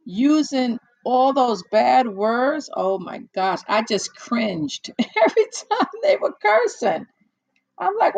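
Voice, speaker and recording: A woman's voice: on the high side, creaky, a little mellow, low-quality recording. An older woman hosting a casual monologue, telling stories in a blunt, exasperated way with many restarts.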